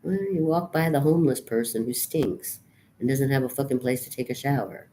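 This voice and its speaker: A middle-aged woman speaks to her camera in a notably low, heavy voice. She vents in a raw, profanity-laced monologue. Her volume swings between quiet brooding and loud outbursts. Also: a little fast, slight background noise. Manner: raw, profane, venting rant. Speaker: vlogger.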